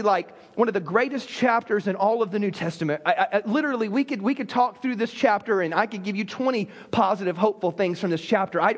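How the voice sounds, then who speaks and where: Man, pastor, sermon, very high pitch, animated, stammering restarts.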